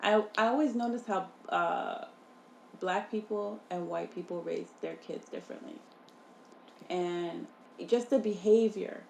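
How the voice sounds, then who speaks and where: A woman with a gravelly, creaky voice, talking through ideas in a conversational podcast and restarting her sentences while she looks for the words. Her voice rings in an echoey room with faint ambience behind it. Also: fairly low pitch, unhurried, a little mellow, slight background noise. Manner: thoughtful, searching for words with many restarts. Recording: roomy echo with faint ambience.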